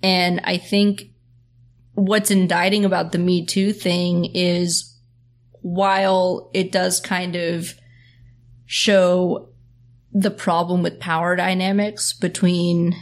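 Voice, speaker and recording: A woman hosting a podcast, talking earnestly in quick bursts with lots of "like" and "you know" fillers. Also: on the low side, level tone. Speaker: podcast host. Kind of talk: casual podcast discussion.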